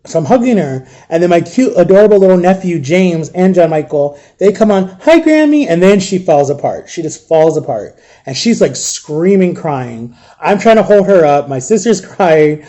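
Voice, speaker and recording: A man recounting a painful story in an emotional storytime vlog, subdued and grieving, halting and repeating himself. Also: on the high side, expressive, dark tone. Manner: halting, repetitive retelling. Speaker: vlogger.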